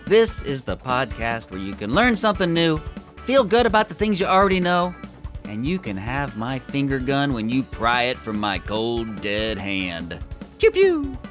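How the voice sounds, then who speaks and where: A man's voice: mid-range voice, sing-song, normal speed, fairly bright tone, faint music behind. A man hosting a trivia podcast, joking and teasing himself in a casual monologue. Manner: playful, jokey, self-mocking.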